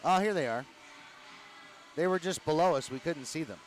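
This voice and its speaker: A man announcing a hockey game from an arena booth, recapping the action in a measured, explanatory way. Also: fairly high pitch, rough recording. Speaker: play-by-play announcer. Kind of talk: hockey broadcast commentary.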